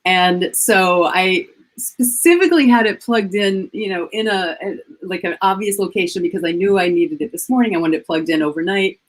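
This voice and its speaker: A woman in her fifties tells a story in a casual, animated way and slips into the voices of the people she describes. Her mid-pitched voice is a little husky. She is speaking from home over a video call. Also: normal speed. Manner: animated, acts out quoted voices. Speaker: guest, coach and author.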